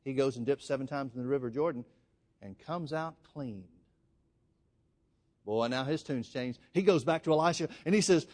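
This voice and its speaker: A man's voice: mid-range voice, normal speed, long pauses, a little mellow. A man preaching a sermon, telling a story with emphatic delivery. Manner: emphatic storytelling, addresses the congregation as folks.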